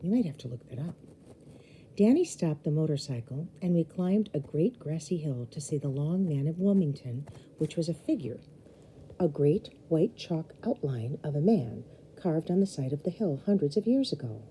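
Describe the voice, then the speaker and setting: A woman reading a children's novel aloud chapter by chapter, expressive and speaking directly to young listeners. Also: deep voice, normal speed, slight background noise, poor audio. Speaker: storybook reader.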